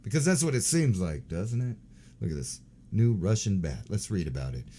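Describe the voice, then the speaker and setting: A man's voice: fairly low pitch, big pitch swings, normal speed, dark tone, a little hiss or hum. A man in his forties hosting a show, giving crude, sarcastic, rambling commentary on news clips and swearing often. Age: 40s. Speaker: host.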